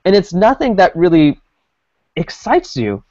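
A man from Mexico co-hosting a casual discussion, animated and repeating words as he builds a point. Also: high voice, measured pace, dry recording. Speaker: podcast co-host. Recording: dry, dull lo-fi recording.

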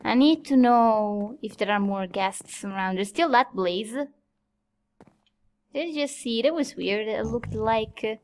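A young woman commentating her own gameplay, nervous and easily startled, yelping at scares and talking herself calm. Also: a little high, a little slow, slight background noise. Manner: jumpy, nervous, yelps and laughs at scares. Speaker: Minecraft let's-play host.

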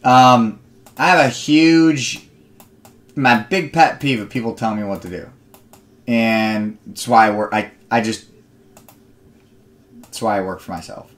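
A man's voice: on the low side, unhurried, pauses often. A young man hosting a live card break stream, chatting with viewers and rambling into stories between picks.

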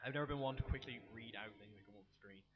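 A young man giving casual game commentary with quick, sweary asides. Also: mid-range voice, highs cut off. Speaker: let's play gamer.

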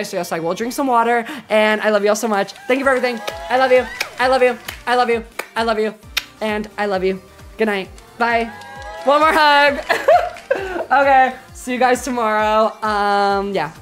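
A woman streamer ending her live stream with a long, affectionate, rambling sign-off to her chat, swearing casually. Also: fairly high pitch.

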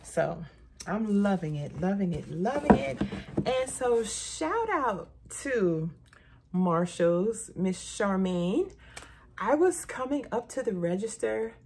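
A middle-aged woman chatting casually to camera about a shopping haul, an animated storyteller who often says "y'all.". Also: medium pitch, takes it slowly, breathy edge. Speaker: haul vlogger.

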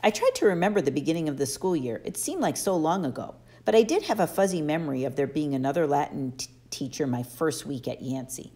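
A woman narrating a children's novel aloud, expressively and slowing down for emphasis. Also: sits low, big pitch swings, warm tone. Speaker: audiobook reader. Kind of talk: storybook narration.

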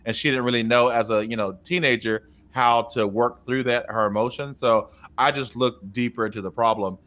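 A teacher and podcast co-host with a mid-range voice speaks at normal speed, relating a classroom tale in easygoing chat. He is animated and delivers the quoted bits in a raised voice.

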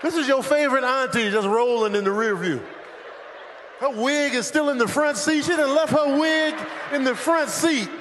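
On a comedy stage before a laughing crowd, a man with a very high voice does live stand-up into a handheld mic at a moderate pace. He's animated, frequently erupting into shouted impressions of airport staff, with a faint hum of noise beneath his voice.

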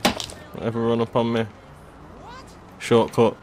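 A man, loudly commentating on a game with bursts of shouting and swearing. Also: mid-range voice, monotone, takes it slowly, background noise. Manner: slangy, loud outbursts and swearing. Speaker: gaming video host. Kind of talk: excited gameplay commentary. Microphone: desktop USB microphone. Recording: game music playing under voice. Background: game music and sounds.

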